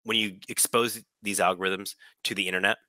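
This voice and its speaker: Bright-voiced male podcast co-host. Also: lowish voice, fairly even intonation, a little fast, no echo. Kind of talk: casual chat.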